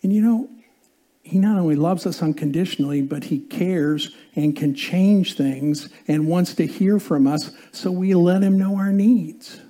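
A male pastor preaches a sermon conversationally, often putting questions to the congregation. His voice is high-pitched with a dark tone, and he keeps a measured pace.

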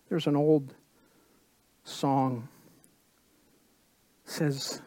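Slow, emphatic preaching man. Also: a little high, no room sound. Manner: slow, emphatic preaching with repeated phrases and sudden soft drops. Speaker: pastor. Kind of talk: sermon.

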